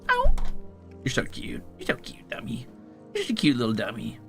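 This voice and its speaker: A young male streamer talks casually, coaxing and teasing with offhand swearing. His voice is bright and gravelly, swinging widely in pitch, with faint music underneath. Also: wildly swooping pitch, normal speed. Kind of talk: casual live stream chat.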